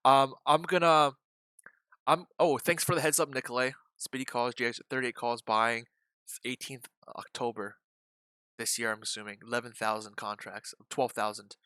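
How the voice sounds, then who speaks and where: A man's voice: medium pitch, fairly even intonation, normal speed, sharp tone, smooth, no echo. A man hosting a live day trading stream, joking, rambling and swearing freely as he explains charts to viewers. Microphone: desk microphone.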